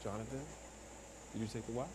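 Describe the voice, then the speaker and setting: An actor playing a teacher in a TV drama, calm and firm. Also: male voice, medium pitch, fairly quick, background noise, close to an everyday voice.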